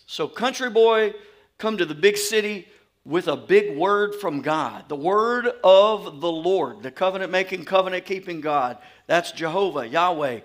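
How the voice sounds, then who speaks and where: A man from Louisiana with a Southern accent, teaching a sermon in an animated, folksy way. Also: sits high. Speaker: pastor.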